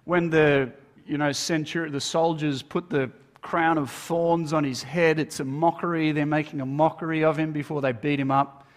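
Male minister, sermon, slightly high voice, storytelling, dramatic hushed drops. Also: steady tone, normal speed. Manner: storytelling, dramatic swings between loud emphasis and hushed low delivery.

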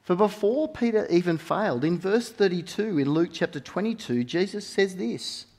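A man preaching a sermon, swinging between soft, intimate moments and loud, emphatic ones, and repeating key phrases for weight. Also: high voice, lively intonation, moderate pace.

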